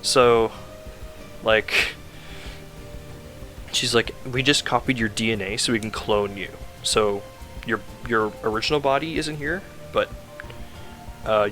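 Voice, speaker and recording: A man with a bright, forward voice, talking through a game's story off the cuff. He rambles, leans on "like" constantly and corrects himself as he goes. Soft music plays faintly underneath. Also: medium pitch, moderate pace. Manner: rambling, full of "like" fillers, self-correcting. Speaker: video game reviewer. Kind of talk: casual rambling plot recap.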